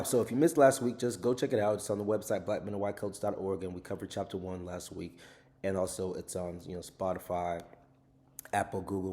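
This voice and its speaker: A man's voice: low voice, mellow. A man hosting a podcast, casually giving an overview of his own book in an earnest way and often adding tag questions. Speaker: author and podcast host.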